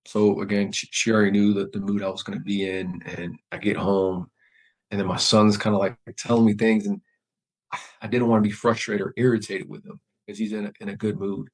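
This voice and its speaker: Man, low voice, flat delivery, reflective, measured, candid interview guest. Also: low-quality recording. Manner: reflective, measured, with many fillers and restarts. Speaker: podcast guest, Marine veteran.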